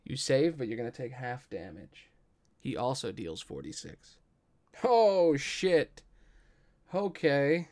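A man narrating as game master of a tabletop game, measured and deliberate, with the odd swear. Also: medium pitch, very animated.

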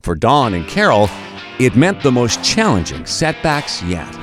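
A man giving scripted documentary narration in a measured, expressive storytelling manner. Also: mid-range voice, loud music behind the voice.

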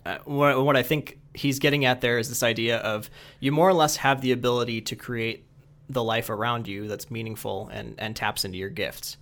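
A man's voice: mid-range voice, steady tone, normal speed, a bit bright. Thoughtful man telling a story. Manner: thoughtful, with many fillers and restarts. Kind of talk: reflective conversation and storytelling.

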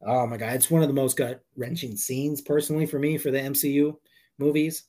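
A man co-hosting a podcast, telling a story in an excitable, profane, confessional way. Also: medium pitch, a little fast. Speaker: podcast co-host. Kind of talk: casual movie review chat.

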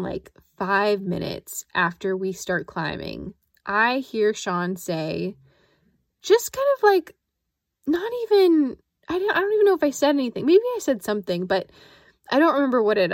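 A woman podcast host and coach telling a personal story in a chatty, animated way, quoting her own thoughts. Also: on the high side, no room sound, studio quality. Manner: chatty, animated, lots of fillers and self-quoting.

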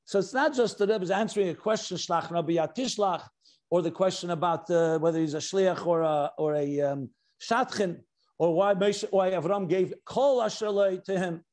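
A man's voice: high voice, normal speed, a little mellow. A man, a rabbi, teaching a Torah class, explaining points step by step and stressing key words, mixing in Hebrew and Yiddish terms. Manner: reads quoted passages aloud. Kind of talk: Torah lecture.

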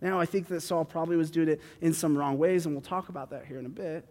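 A man reads a Bible passage and then explains it in a relaxed, conversational way, thinking aloud with fillers and restarts. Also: on the high side, quick pace. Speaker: Bible teacher. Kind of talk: reading scripture then explaining it casually. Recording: long hall reverb.

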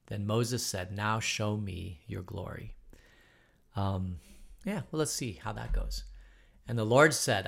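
A man's voice: fairly low pitch, gravelly, fairly bright tone. A man leading a Bible study who reads scripture, teaches informally with frequent ums, and closes in prayer. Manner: informal, hesitant, many ums.

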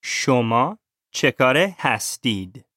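A man's voice: medium pitch, animated, a little fast, sharp tone. A male student in a language lesson echoes each word after his teacher. He repeats them carefully, and the recording is dry and close.

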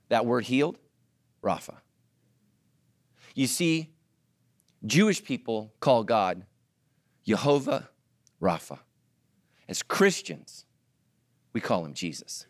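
Animated preaching man, lively pitch. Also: takes it slowly, long pauses, dry recording. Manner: animated, joking asides to the congregation. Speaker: pastor. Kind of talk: sermon.

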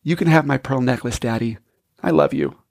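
A man's voice: medium pitch, very animated, fairly quick, creaky, a little mellow, no echo, clean studio sound, voice pushed down. A man voicing a pleading four-year-old girl who stammers, in a storytelling podcast.

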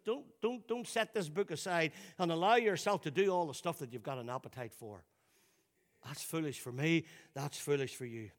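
Male pastor mid-sermon, somewhat high voice, emphatic, repeats words for stress. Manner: emphatic, repeats words when pressing a point. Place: church service.

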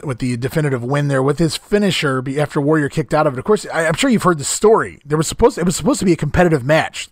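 Wry, high-voiced man recapping with jokes. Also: no echo, studio quality. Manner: wry, joking, swears casually. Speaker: podcast co-host recapping wrestling. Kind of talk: casual chat and play-by-play recap.

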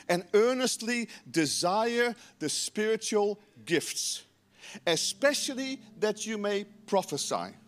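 A man preaching a lively sermon as pastor, acting out quoted voices with emphasis. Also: high-pitched.

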